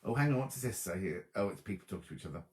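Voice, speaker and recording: A man hosting a sewing show in a chatty, easily distracted way, reading viewer comments out loud from his sofa at home. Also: low-pitched, expressive, very fast, echoey room. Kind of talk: casual livestream chat reading viewer comments.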